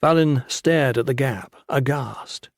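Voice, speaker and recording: A man narrating a fantasy audiobook with steady, dramatic storytelling on a close studio mic. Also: medium pitch, slow pace, no echo.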